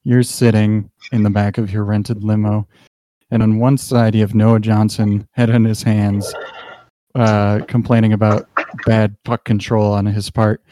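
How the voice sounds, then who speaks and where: Low, mellow-voiced game master. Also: male voice, dry recording. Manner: relaxed, halting scene-setting with fillers. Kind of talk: narrating a tabletop game.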